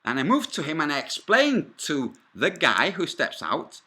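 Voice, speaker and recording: Forceful profane man ranting. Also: a little high, wildly swooping pitch, normal speed, husky. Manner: combative, profane, rambling asides. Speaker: vlogger. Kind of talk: angry first-person storytelling.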